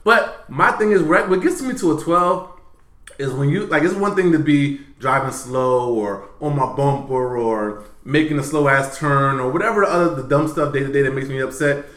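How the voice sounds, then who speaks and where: A man hosting a podcast, telling a story in casual, profane talk that swings between loud bursts and low mutters. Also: normal speed, echoey room. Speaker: podcast host.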